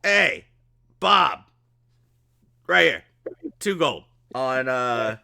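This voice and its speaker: A man putting on a flippant male goblin bookie who hypes up a crowd. The voice is loud, pitched up and breezy. It fits a tabletop game. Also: animated, extremely slow, gravelly, full character voice.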